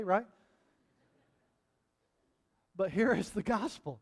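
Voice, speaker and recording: A middle-aged man preaching a sermon as pastor, impassioned and building to loud repeated refrains, often checking in with the congregation. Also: high voice, moderate pace. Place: church sanctuary. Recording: long hall reverb.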